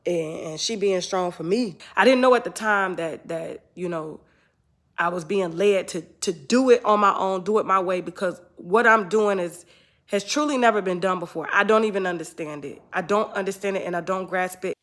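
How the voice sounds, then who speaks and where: A woman's voice: on the low side, moderate pace, fairly bright tone. A woman hosting her own online show, giving an emotional, choked-up confessional monologue and swearing when it gets intense. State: tearful, choked up.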